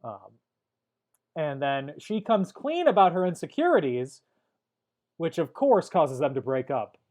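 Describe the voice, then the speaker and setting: Deadpan young man recapping a movie. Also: on the high side, a little slow. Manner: dry, deadpan jokes. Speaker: podcast co-host. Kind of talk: casual chat recapping a movie.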